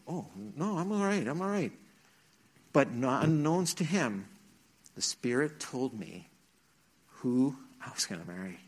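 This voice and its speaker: Earnest middle-aged man preaching a testimony. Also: mid-range voice. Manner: earnest storytelling, acts out quotes. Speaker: youth speaker. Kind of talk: sermon testimony. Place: church.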